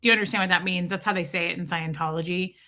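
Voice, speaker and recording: Woman, livestream host, casual chat, bright voice, rambling, greets viewers. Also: fairly low pitch, fairly even intonation, racing. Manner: chatty and rambling, with frequent restarts and asides to viewers.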